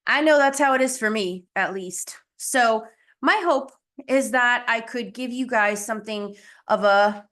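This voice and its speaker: A woman's voice: fairly high pitch, a little slow, fairly bright tone. A young adult woman hosting a video-call lesson, chatty and self-deprecating, a little out of breath. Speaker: coach hosting a group call. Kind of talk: casual live teaching call.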